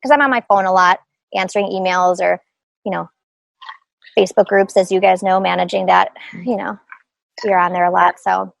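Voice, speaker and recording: A woman's voice: mid-range voice, fairly even intonation, normal speed, gravelly, pauses often, dry recording, poor audio. A middle-aged woman talking casually as an interview guest, laughing often and full of fillers and restarts. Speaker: guest, group practice owner.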